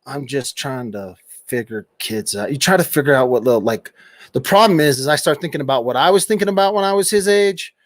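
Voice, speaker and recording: A man's voice: mid-range voice, lively intonation, fairly quick, dry recording, studio quality. A middle-aged man hosting a casual late-night livestream from home, reading out viewers' chat comments and teasing them back. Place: home room at a computer.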